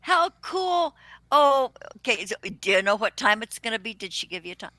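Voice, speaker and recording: A woman's voice: fairly high pitch, sing-song, moderate pace, bright, forceful tone, no room sound. An older woman co-hosting a casual livestream chat, talkative and swearing freely. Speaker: co-host.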